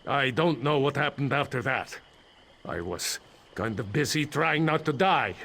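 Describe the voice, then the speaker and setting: A man's voice: mid-range voice, lively intonation, measured pace, gravelly, fairly bright tone, exaggerated voice. An actor playing an anxious male mine foreman in a video game, rambling nervously with dry humor about his trapped crew.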